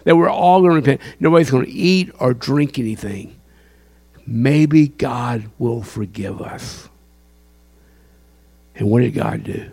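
A man's voice: mid-range voice, a little slow, gravelly, long pauses, darkish tone. A man preaching a sermon, impassioned and quizzing his listeners with questions. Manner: impassioned, asks the crowd questions.

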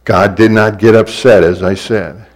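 A man's voice: fairly low pitch, fairly even intonation, measured pace, rough recording. A man preaching a sermon in a repetitive, building cadence that swells in places.

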